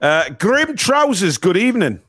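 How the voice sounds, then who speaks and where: Lively, teasing quiz host. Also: male voice, sits high, unhurried. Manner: swears and teases callers. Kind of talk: casual live-stream quiz banter.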